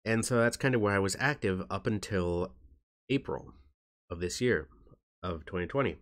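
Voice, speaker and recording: A man's voice: low voice, normal speed. A man chatting on his vlog in a joking, rambling and self-mocking way. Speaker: YouTuber. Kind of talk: casual vlog chat.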